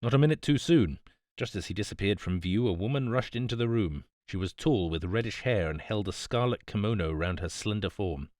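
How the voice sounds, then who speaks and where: A man narrating an audiobook in a calm, measured storytelling voice on a close mic. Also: on the low side, no room sound. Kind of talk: scripted narration.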